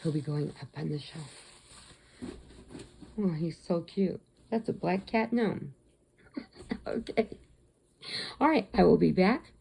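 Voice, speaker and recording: Low gravelly-voiced woman vlogger. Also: slow, long pauses, dark tone, a little hiss or hum. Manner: rambling, chatty retelling with restarts. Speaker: crochet vlogger. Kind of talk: casual storytelling to camera.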